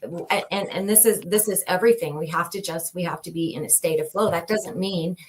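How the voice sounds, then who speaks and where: A woman's voice: lowish voice, brisk. A woman co-hosting a casual spiritual live stream, talking reflectively and greeting viewers by name.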